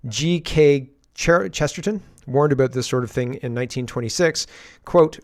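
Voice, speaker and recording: A man's voice: medium pitch, moderate pace. A man hosting casual political commentary, ranting in an exasperated way and addressing the viewer directly.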